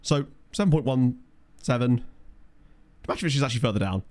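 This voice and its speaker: Male streamer, quick lively delivery, jokey game commentary. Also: mid-range voice. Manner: chatty, jokey, reads game stats aloud. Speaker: streamer playing a management game. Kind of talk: casual live-stream chat.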